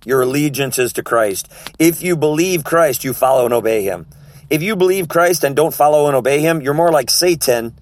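An emphatic male preacher teaching from scripture, driving points home by repeating words and checking in with his listeners. His voice sits at an ordinary middle pitch. The recording is dry and close, with no room echo. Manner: emphatic, repetitive teaching with frequent check-ins. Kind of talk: sermon.

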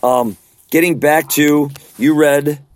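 A man's voice: a little high, fairly even intonation, slow, darkish tone. A man leading a casual Bible study discussion, talking earnestly and conversationally and often checking in with rhetorical questions.

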